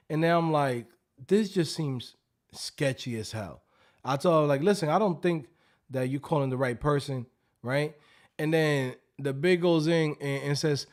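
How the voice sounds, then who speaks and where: A man hosting a casual livestream, joking loudly and profanely and acting out scam calls. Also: fairly high pitch, animated, measured pace. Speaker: livestream host.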